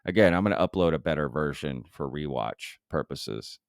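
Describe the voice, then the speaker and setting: A man with a very low, smooth and resonant voice chats casually on a live stream. He talks loosely, with plenty of fillers. The sound is close and dry. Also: animated, normal speed, no echo. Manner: loose and conversational, full of fillers. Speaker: show host. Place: home live-stream setup.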